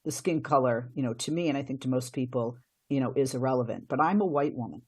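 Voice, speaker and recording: A woman's voice: a bass voice, fast talker, darkish tone, breathy edge. A middle-aged woman, a radio host and commentator, giving earnest answers in a podcast interview, often restarting her sentences.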